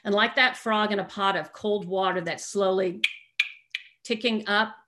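A woman's voice: medium pitch, steady tone, unhurried, sharp tone, slight background noise. A middle-aged woman candidly telling a personal recovery story to a group, with self-deprecating humor.

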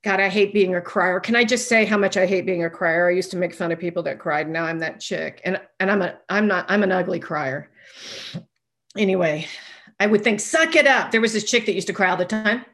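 Woman sharing at a recovery meeting: earnest, emphatic, talks through restarts, goes hushed for retold dialogue. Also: on the low side, fairly quick. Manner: drops to a hushed voice when retelling dialogue. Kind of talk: personal testimony share.

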